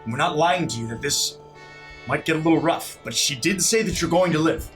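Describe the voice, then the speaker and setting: A man's voice: on the high side, brisk, a bit bright, soft background music. A man playing his character in a tabletop game, speaking earnestly with stammers. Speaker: player. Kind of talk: in-character role-play.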